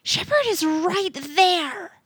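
A woman voicing a frazzled, prickly male scientist in a read-aloud story, with sharp, exasperated outbursts. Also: on the low side, moderate pace, no room sound, clean studio sound. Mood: hissing.

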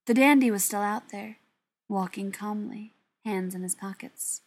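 A woman narrates a story in an even, steady way, her voice breathy and husky. Her pitch sits in the middle of the usual range for a woman. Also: measured pace. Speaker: audiobook narrator. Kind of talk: scripted narration.

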